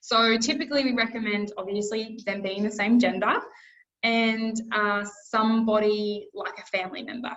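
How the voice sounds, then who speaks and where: A woman's voice: mid-range voice, steady tone, normal speed, fairly bright tone. Woman, Australian accent, speech pathologist, earnest explainer, repeats for emphasis, slightly muffled video-call sound. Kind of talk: online presentation.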